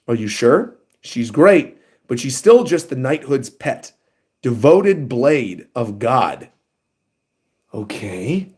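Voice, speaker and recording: A man streaming a casual manga reaction, reading panels aloud and commenting in an excitable, animated way. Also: mid-range voice. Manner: excitable, animated, reads lines in funny voices.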